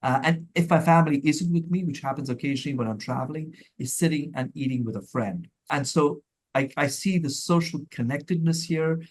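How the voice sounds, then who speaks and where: Man from India, middle-aged, thoughtful, measured, restarting phrases. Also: on the high side. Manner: thoughtful, measured, with frequent restarts and light laughs. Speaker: guest, mental health professional. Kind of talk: conversational interview answers.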